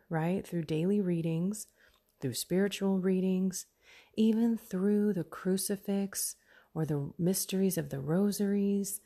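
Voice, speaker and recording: A middle-aged woman hosting a faith podcast, giving an earnest pep talk that often drops into soft whispers. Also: medium pitch, unhurried. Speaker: podcast host.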